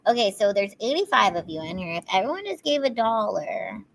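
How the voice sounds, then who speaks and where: A young woman co-hosting a casual live stream, chatty and bubbly, sliding between a high girlish voice and a lower serious one. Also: very animated, brisk, gravelly. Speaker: comedian co-host.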